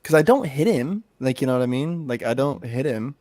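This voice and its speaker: A man's voice: medium pitch, lively intonation, brisk, warm tone, no echo. A man co-hosting a podcast in laid-back, profane, casual chat, often dropping "bro.". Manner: laid-back and profane, says "bro" and "you know what I'm saying" a lot. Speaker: podcast co-host.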